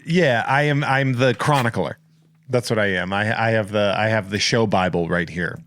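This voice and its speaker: A man's voice: on the low side, normal speed, a bit bright. An American man hosting a podcast, rambling and joking at his own expense in casual chat. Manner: jokey, rambling, self-mocking. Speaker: podcast host.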